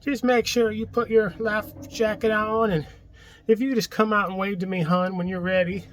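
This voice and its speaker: A man's voice: high-pitched, level tone, normal speed, a little hiss or hum, pitched above the performer's own voice, lightly acted. Man doing a folksy Southern lady lockmaster. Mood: friendly. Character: friendly Southern woman lockmaster, folksy and warm.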